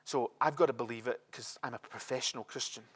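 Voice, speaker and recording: A man's voice: medium pitch, steady tone, fast, husky, far from the mic. A man preaching a sermon as the pastor, conversational and repeating key phrases for emphasis.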